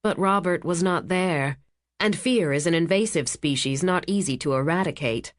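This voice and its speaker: Female audiobook narrator, lowish pitch, dry close sound, measured thriller read. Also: no room sound. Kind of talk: scripted narration.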